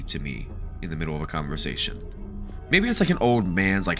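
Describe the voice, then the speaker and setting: A man giving jokey, animated let's play commentary, reacting aloud and talking back to game characters. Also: low voice, brisk, faint music behind. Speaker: gaming video creator.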